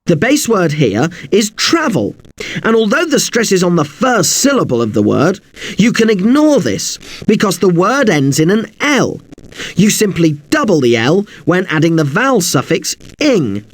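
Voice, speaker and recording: A male teacher takes the listener through spelling rules in a scripted lesson, politely apologizing for the exceptions. His voice sits high and swings widely in pitch. The sound is dry and close. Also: huge pitch swings, normal speed, no echo.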